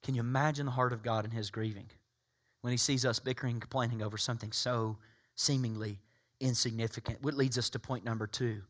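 Fiery preacher, bright voice. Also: male voice, mid-range voice, fairly even intonation, fast talker. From Tennessee, USA. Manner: swings from loud, emphatic preaching to hushed, intimate asides. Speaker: pastor. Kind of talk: sermon.

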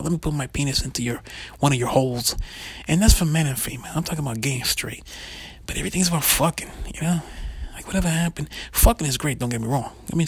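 A man's voice: a little high, creaky, fairly bright tone, breathy edge, no echo. A man delivering a crude, profane comic rant, rambling and full of "you know" fillers.

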